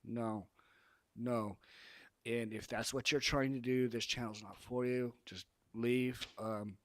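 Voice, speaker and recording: A man lectures his viewers on dating in a casual vlog monologue. He is emphatic and preachy, circling back over his points, in a voice of ordinary middle pitch. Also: steady tone, slow, fairly bright tone. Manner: emphatic, repeats phrases, preachy. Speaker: dating advice vlogger.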